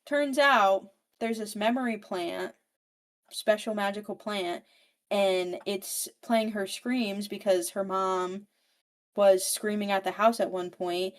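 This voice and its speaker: A woman's voice: medium pitch, steady tone, takes it slowly. A woman co-hosting a podcast, recapping a novel in casual, rambling chat full of "like" and swearing. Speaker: podcast co-host.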